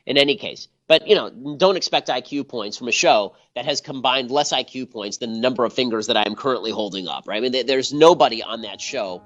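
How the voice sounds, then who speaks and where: A man's voice: mid-range voice, a bit bright, highs cut off. A man hosting a political commentary show, ranting scornfully at the clips he plays. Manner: scornful, rapid-fire ranting. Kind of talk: combative commentary monologue.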